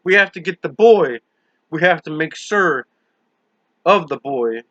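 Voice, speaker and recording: A bossy, sharp-edged middle-aged woman barks orders in a raised, bright, tense voice, as a male reader puts her on. The sound is dull and lo-fi with no room echo, like a home audiobook recording. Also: low voice, expressive, a little slow, heavily acted. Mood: commanding. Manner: shouting orders.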